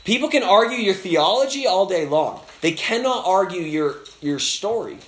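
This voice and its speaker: Animated pastor telling stories in a roomy echo. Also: male voice, high-pitched, normal speed. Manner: animated, acts out voices in his stories, many fillers. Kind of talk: casual storytelling sermon. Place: speaking at a camp.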